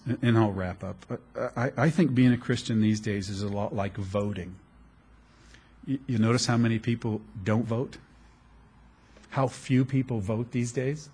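Husky, animated male preacher. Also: medium pitch. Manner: animated preaching with jokes and laughs. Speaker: pastor. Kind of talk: sermon.

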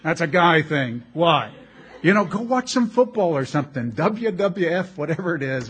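A middle-aged man preaching a sermon as a pastor, telling animated, jokey stories with frequent restarts. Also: on the high side, normal speed, slightly rough.

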